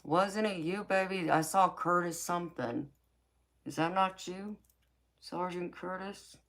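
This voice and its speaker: A woman with a low, raspy voice hosts a late-night live chat. She reads out her viewers' comments and answers them with sassy warmth, calling them baby. Her mouth is a little dry from talking so long. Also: unhurried. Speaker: tarot reader and live-stream host.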